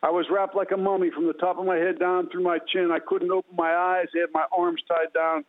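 Over a tinny phone line, a man with a high, level voice speaks briskly as a guest. He offers an impassioned, preacherly testimony with repetitive phrasing and then leads a prayer.

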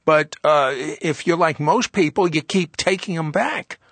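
A man's voice: fairly high pitch, unhurried, a bit bright, breathy edge, no echo. A man hosting a show, interviewing a guest with probing, conversational questions. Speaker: TV show host.

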